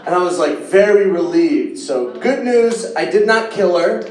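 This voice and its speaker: A stand-up comic working a live room, his fairly high voice carrying through an echoey space. He swings between low, hushed storytelling and sudden loud yelps, and the sound is picked up from a little way off the mic, with a faint hum of room ambience under it. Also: very animated, extremely slow, pauses often, far from the mic. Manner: storytelling, drops quiet then bursts into loud yelps. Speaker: stand-up comedian. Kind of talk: stand-up comedy set. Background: audience laughter.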